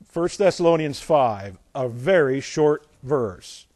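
A male pastor preaching, reading scripture aloud and then explaining it with folksy asides and dramatic swings between loud emphasis and quiet remarks. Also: medium pitch, animated, slow pace, no echo. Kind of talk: sermon.

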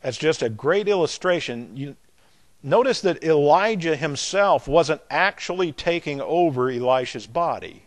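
An older man with a Southern American drawl delivers a sermon. His voice sits a little high, and he stretches and repeats words, swelling louder on the points he wants to drive home. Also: animated. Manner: emphatic, drawn-out delivery that swells in loudness on key words. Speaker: preacher.

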